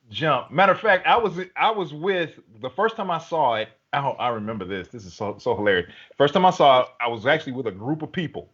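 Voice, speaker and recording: A man's voice: mid-range voice, animated, fast talker, few pauses, fairly bright tone, husky, lo-fi sound. A man co-hosting a casual chat, laughing often and chiming in with playful interjections. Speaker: co-host.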